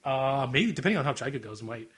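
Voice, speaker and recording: A young man co-hosting a casual podcast, talking quickly, laughing often and acting out bits of dialogue. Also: medium pitch, animated, fairly bright tone, husky. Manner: rapid, laughing, acts out anime dialogue in quick asides. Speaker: podcast co-host. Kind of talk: casual chat.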